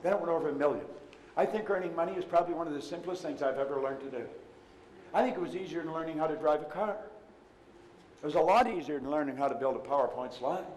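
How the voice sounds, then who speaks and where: An emphatic older man, a motivational seminar speaker, tells stories and retells dialogue during a live talk to an audience in a large, reverberant hall. His voice is on the high side with a darkish tone, and the recording has a little hiss or hum.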